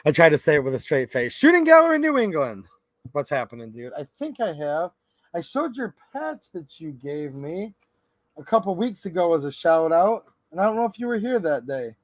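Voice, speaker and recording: A man's voice: a little high, animated, normal speed, dry recording. A man hosting a casual livestream, greeting viewers by name in a chatty, upbeat way and calling them man and dude. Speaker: livestream host.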